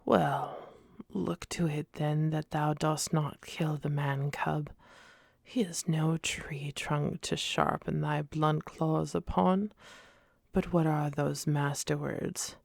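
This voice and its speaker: A woman voicing a calm, dry male panther in a whispered role-play, measured and wry. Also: deep voice, gravelly, no room sound, exaggerated voice. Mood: stern.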